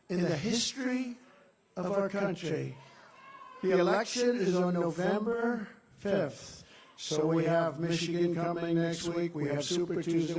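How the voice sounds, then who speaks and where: An older man giving a rambling rally speech, boastful and repetitive, with off-the-cuff asides. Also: high voice. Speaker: political speaker at a rally. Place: large venue, victory rally. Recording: roomy sound, distant mic, loud crowd. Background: cheering crowd.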